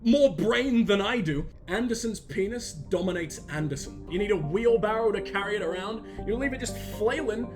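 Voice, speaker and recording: A young man doing crude, joking, excitable gaming commentary. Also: sits high, normal speed, few pauses, music in the background.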